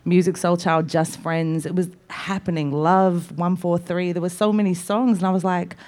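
A woman with a Liverpool accent, a songwriter guest telling lively stories in a casual interview. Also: on the low side, normal speed. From England. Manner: animated storyteller, acts out quoted voices and laughs.

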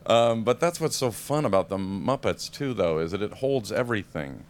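A man's voice: fairly low pitch, expressive, normal speed. A man answering questions as a guest at a live film Q&A, hesitant and self-deprecating, with many restarts and laughs. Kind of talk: casual panel Q&A. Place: event hall with live audience.

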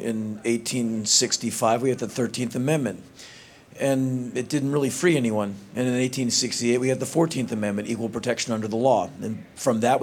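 A man speaking on a film panel, telling stories in an animated, casual way. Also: medium pitch, a little hiss or hum. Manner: animated, acts out quotes. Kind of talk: casual storytelling.

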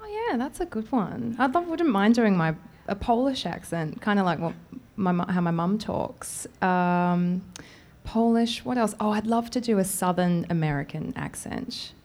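A woman's voice: medium pitch, lively intonation, moderate pace, a little mellow. A woman, an actress from Australia, answering fan questions at a panel in a giggly, bashful, easygoing way.

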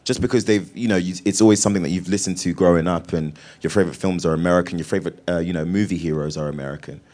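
A man's voice: sits low, fairly even intonation, racing, darkish tone. A British man, an actor, answering interview questions on stage in a playful way, laughing and restarting his sentences. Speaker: actor guest.

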